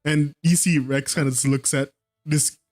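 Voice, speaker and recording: Male game master, giggly, higher voice, soft music behind. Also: steady tone, normal speed. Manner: giggly, laughs often while narrating. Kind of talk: narrating a tabletop game.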